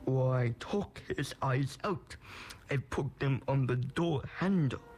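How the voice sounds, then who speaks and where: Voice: mid-range voice, slow pace, a little mellow, slight background noise. A young storyteller narrating a homemade tale, making it up as he goes with a rambling manner. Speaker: storyteller host. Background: music.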